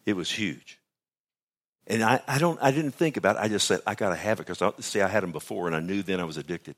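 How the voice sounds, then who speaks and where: A man preaching a sermon at an early church service, telling a personal story and then praying, swinging from loud exclamations to hushed whispers. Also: low-pitched, fast talker. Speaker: pastor.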